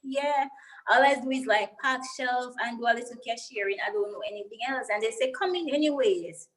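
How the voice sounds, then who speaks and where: A woman's voice: on the high side, fairly even intonation, brisk, a bit bright, low-quality recording. Emotional young Jamaican woman telling her story. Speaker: guest. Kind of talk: personal story in an interview.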